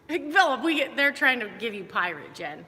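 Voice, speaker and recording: A woman's voice: on the high side, pushed and bright, in a large hall. A woman fitness coach giving upbeat, chatty movement cues during a live workout.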